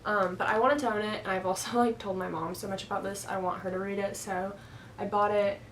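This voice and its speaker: Casting: young adult woman, home vlogger, rambling, filler-heavy, mid pitch, faint background hum. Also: steady tone, fairly quick, poor audio. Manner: chatty, rambling, heavy use of "like". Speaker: book vlogger. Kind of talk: casual chat. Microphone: camera on a stand.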